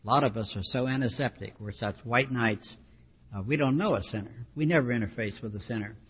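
Recorded dull and lo-fi with a long hall reverb, a man with a husky, mid-range voice preaches, explaining scripture conversationally as a teacher would and adding frequent asides.

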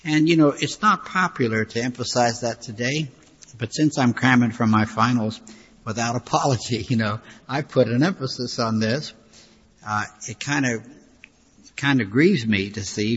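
Older man, pastor, folksy sermon, husky voice, dull lo-fi recording. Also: mid-range voice, a bit bright. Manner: conversational, folksy preaching with frequent asides. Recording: hall reverb, dull lo-fi sound.

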